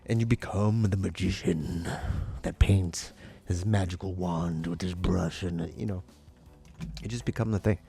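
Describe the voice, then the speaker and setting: A man, a live painter, talking in a rambling, animated way and acting out quotes in high voices. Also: normal speed, creaky, breathy edge, soft background music. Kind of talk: casual monologue.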